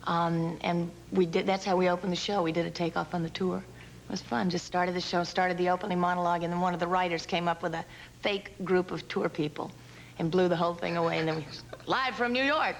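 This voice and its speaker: A woman's voice: lowish voice, little pitch movement, fast talker, creaky, a little hiss or hum. Shy, dry-witted woman from Alabama. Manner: shy, soft-spoken, dry humor. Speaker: talk show guest. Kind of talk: casual talk show chat.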